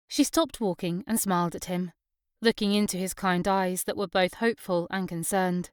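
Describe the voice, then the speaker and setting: A woman's voice: medium pitch, normal speed, smooth, no room sound, clean studio sound. A woman narrating an audiobook. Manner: gentle storytelling, giving characters light voices. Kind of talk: scripted narration.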